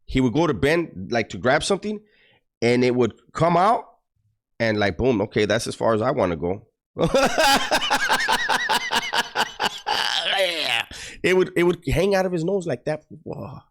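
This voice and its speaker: A man telling profane, animated stories about prison to his online audience. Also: mid-range voice, brisk. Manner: animated, profane, mock-disgusted storytelling. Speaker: YouTuber recounting prison stories. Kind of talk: casual storytelling to a livestream audience.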